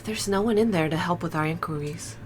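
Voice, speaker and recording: Lower-voiced woman reading game lines. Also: a little fast, background noise. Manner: laughs often, reads dialogue aloud. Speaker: game streamer. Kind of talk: casual playthrough with friends.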